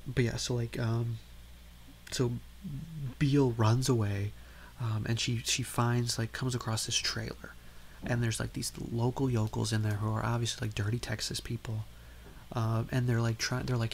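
Gravelly rambling man recapping a movie. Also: mid-range voice, little pitch movement, moderate pace, a little hiss or hum. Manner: rambling, lots of "like" and "um". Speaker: film podcast host.

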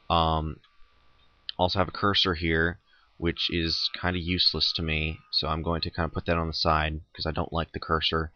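Young male let's-play host, very deep voice, dry muffled recording, rambling jokey commentary. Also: no echo. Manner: rambling, self-interrupting, joking. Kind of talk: casual gameplay commentary.

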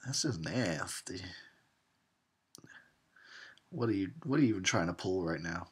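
A man's voice: low-pitched, expressive, quick pace, slightly rough. A man giving a tipsy, sarcastic commentary on a horror film, laughing and swearing as he goes. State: tipsy from drinking.

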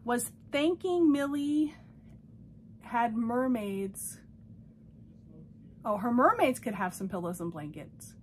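A woman vlogging from home, gushing and excitable as she unboxes dolls and reads a friend's card aloud in casual chat. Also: on the high side, takes it slowly, pauses often, a little hiss or hum. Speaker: doll collector vlogger.

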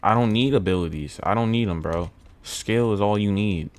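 A young man commenting casually on a video game at home, muttering low, then yelling when excited, repeating himself with lots of bro and man. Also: moderate pace. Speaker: gaming YouTuber. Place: at home indoors.

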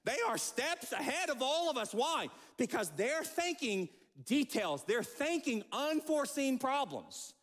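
A man preaching a sermon as pastor, animated and acting out quotes. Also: very high voice, a little slow, long reverb tail. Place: church sanctuary.

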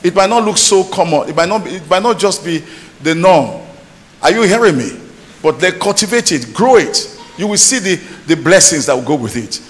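A male pastor with a high, expressive voice preaches at a moderate pace, emphatic and prompting call-and-response by asking the congregation if they're listening. The recording comes from a reverberant church hall with faint noise.

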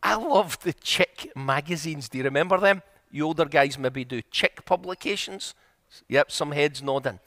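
A middle-aged male preacher delivers a sermon in an earnest, story-driven way, pressing his points home with repetition. His voice sits high for a man. The sound is close and dry, with little room echo. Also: normal speed, fairly bright tone. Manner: earnest, storytelling, building to emphatic repeated points. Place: church.

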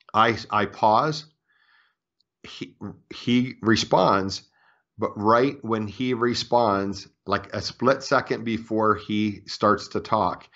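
A fairly low-pitched man speaks as a guest author, earnest and convinced, often stumbling and restarting mid-sentence. The audio sounds dull and lo-fi. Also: a bit bright. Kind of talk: earnest storytelling interview.

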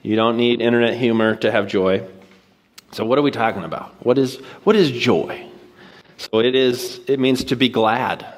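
A man's voice: medium pitch, normal speed. A man preaching a sermon on a church stage, telling a personal story in a casual, conversational way before moving to his main point. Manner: casual, storytelling, animated quoted voices. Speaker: guest preacher.

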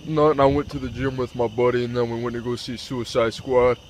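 A man's voice: medium pitch, flat delivery, fairly quick, slight background noise, low-quality recording. A young man who pranks his grandmother, talking casually at home and pleading with her. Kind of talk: casual vlog and chat. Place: at home indoors.

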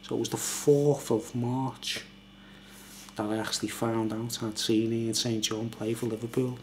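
A man's voice: mid-range voice, level tone, unhurried, a little mellow, a little hiss or hum. An older man, a little tipsy, rambling and laughing as he reviews a beer late at night at home. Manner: rambling, chatty, laughs often.

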